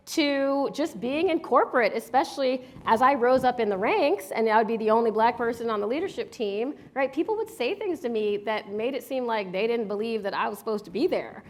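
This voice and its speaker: A woman leading a live workshop, answering audience questions in an energetic, emphatic, conversational way. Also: fairly high pitch. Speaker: workshop leader.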